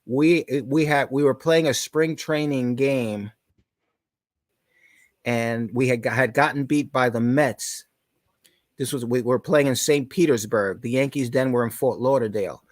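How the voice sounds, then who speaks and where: A man in his sixties, a podcast guest, telling stories in conversation and shouting out the lines of the people in them. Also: mid-range voice, unhurried, no room sound. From New York. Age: 60s. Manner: animated, shouts out quoted lines. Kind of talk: storytelling in conversation.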